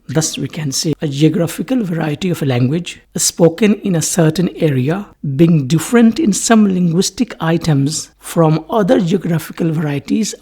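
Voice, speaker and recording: Male lecturer, gravelly husky voice, patient and repetitive, teaching a recorded lesson. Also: fairly high pitch, mellow. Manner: slow, repetitive explaining, restating each point several ways. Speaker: linguistics lecturer.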